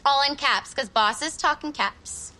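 Prim bossy young boss lady, bright high voice, a little noise behind. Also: measured pace. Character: prim, bossy young female business owner. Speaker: sitcom character, bossy business partner. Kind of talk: sitcom acting.

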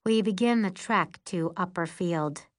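A woman reading a first-person story aloud as an audiobook narrator, measured and even. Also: on the low side.

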